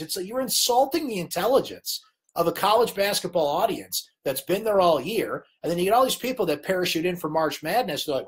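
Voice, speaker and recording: A middle-aged man hosts a live late-night sports chat. His husky voice jumps up and down in pitch as he rants, clearly exasperated with the broadcast commentary, before easing into his sign-off. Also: brisk. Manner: exasperated, ranting, animated. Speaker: sports show host.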